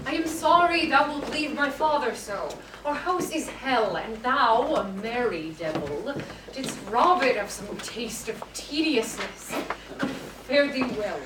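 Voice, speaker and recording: A woman playing a sad but hopeful young daughter in an amateur stage play, speaking verse in a soft, measured way. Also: a little high, animated. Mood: wistful. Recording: roomy hall, far camera, noise.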